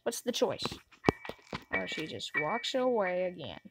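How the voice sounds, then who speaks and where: A woman's voice: on the low side, big pitch swings, a little slow, noisy background. A woman giving let's play commentary on a horror game, jumpy, gasping and talking back to the game. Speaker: gamer.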